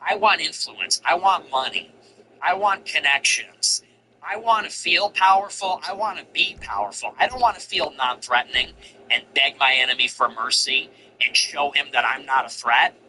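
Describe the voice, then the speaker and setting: A man with a high-pitched and piercingly bright, tense voice rants through a solo podcast commentary. He hammers his points home with heated, repetitive emphasis. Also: normal speed, slight background noise, rough recording. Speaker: political podcast host.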